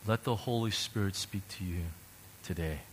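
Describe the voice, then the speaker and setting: A male pastor preaching passionately, swinging from loud to hushed as he leads an altar call. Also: sits low, normal speed, slight background noise. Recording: music playing under the preaching. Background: worship music.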